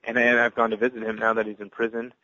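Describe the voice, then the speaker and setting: A man's voice: medium pitch, completely flat delivery, fast, bright, forceful tone, no room sound, dull audio. A man on a podcast giving an earnest personal testimony, stumbling and restarting his words with many fillers. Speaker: podcast guest sharing testimony.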